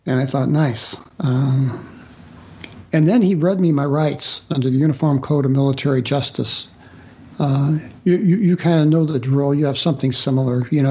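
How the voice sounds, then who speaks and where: A man telling a personal story as a guest author in a radio interview, halting with fillers and restarts. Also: medium pitch, mellow, lo-fi sound.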